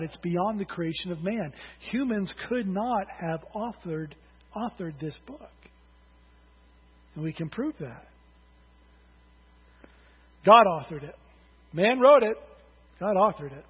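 A man's voice: sits high, animated, measured pace, pauses often, slightly rough. A man preaching a sermon as pastor, emphatic and calling on the congregation to answer aloud. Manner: emphatic, calls for congregation responses. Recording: dull, hall reverb.

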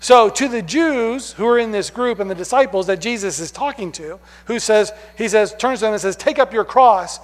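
A man preaching a sermon, emphatic, swinging from loud stresses down to hushed words. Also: high voice, moderate pace, few pauses. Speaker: pastor. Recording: long hall reverb.

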